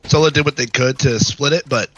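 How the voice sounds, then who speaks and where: A hoarse man, sick for a week, giving live play-by-play commentary as an esports caster and chatting wryly to viewers between calls. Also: medium pitch, brisk, a bit bright, poor audio. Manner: wry, talks to the audience between calls.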